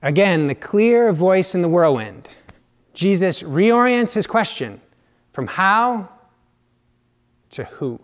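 In an unhurried, slow sermon, a male preacher with a slightly high voice comes across as very animated. He is also reflective, occasionally lowering his voice for soft asides.

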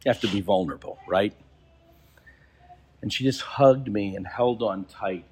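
Husky-voiced bishop preaching a sermon. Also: male voice, fairly low pitch, a little mellow. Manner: storytelling, slows for emphasis.

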